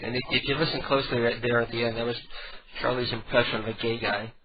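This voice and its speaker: A man hosting a casual late-night radio show, rambling and halting with repeated words, stoned. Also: mid-range voice, little pitch movement, breathy edge. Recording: dull lo-fi radio broadcast.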